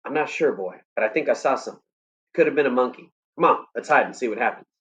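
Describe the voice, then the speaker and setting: A man's voice: fairly high pitch, lively intonation, fairly quick, fairly bright tone. Earnest country boy talking to his hound, read by a man, coaxing, dull lo-fi sound. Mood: hushed.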